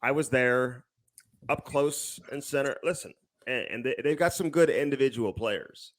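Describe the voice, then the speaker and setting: A man's voice: mid-range voice, moderate pace. Teasing podcast host, a man. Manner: teasing, chatty. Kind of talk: casual chat.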